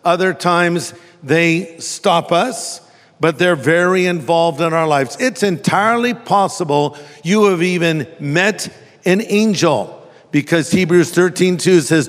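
Man, pastor, preaching, high voice, playful storytelling, echoing hall. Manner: humorous storytelling, acting out voices. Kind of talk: sermon.

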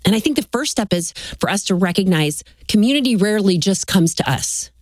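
A woman from Texas, a guest author telling stories in an animated, folksy way on a faith talk show. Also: medium pitch, fairly quick, no room sound.

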